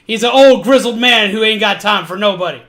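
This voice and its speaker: A woman streamer casually retelling an anime plot, animated and full of profanity. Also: mid-range voice, fairly quick.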